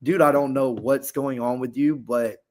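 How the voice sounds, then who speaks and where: A man in the middle of a casual story on a podcast, his pitch sitting in the middle range for a man. He rambles, leans on fillers, and speaks candidly. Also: fairly even intonation, normal speed, darkish tone. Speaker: podcast guest.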